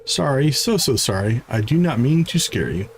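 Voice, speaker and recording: A man voicing an excitable newcomer with halting, broken grammar while reading game dialogue aloud. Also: mid-range voice, slight background noise. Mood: excited. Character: eager newcomer speaking broken, simple sentences.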